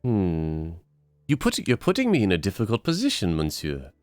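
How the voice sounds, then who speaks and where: A man voicing a smooth-talking male con man posing as a nobleman, with a theatrical fake foreign accent and courtly manner. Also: sits low, huge pitch swings, moderate pace, dry recording, faint music behind. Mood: conspiratorial.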